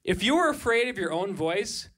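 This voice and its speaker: A man in his thirties doing a stand-up comedy set on a club stage, breaking into shouted high voices for his bits. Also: big pitch swings, normal speed.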